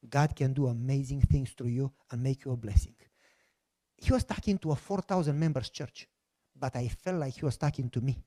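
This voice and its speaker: Preacher guy telling his story, emphatic, higher-ish voice, choppy english. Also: dark tone. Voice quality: non-native broken English grammar. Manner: emphatic storytelling, imitates voices of others in quotes. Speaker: pastor. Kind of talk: sermon testimony.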